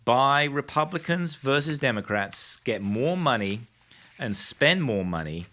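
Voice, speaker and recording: A man's voice: medium pitch, sing-song, a little slow, bright, forceful tone. A man with a Texas accent hosting a political commentary show in a studio, speaking with mock-astonished, theatrical sarcasm.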